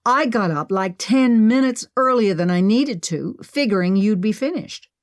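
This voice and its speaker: A woman's voice: mid-range voice, animated, moderate pace, no echo, studio quality, voice pushed up, close to an everyday voice. A woman voicing Piper, a blunt, brash young woman. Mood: irritated.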